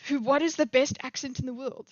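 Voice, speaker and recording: A woman's voice: high-pitched, steady tone, brisk, darkish tone, no room sound, lo-fi sound. A woman in her thirties from Africa, giving rambling, opinionated commentary on a live stream. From South Africa.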